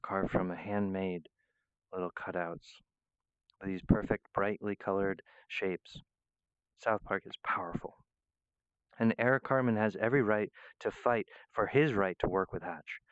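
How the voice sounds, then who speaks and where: Rambling, profane male vlogger, low smooth voice, dry lo-fi recording. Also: steady tone, a little slow, no echo. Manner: rambling, profane, restarts mid-phrase. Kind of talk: rambling monologue.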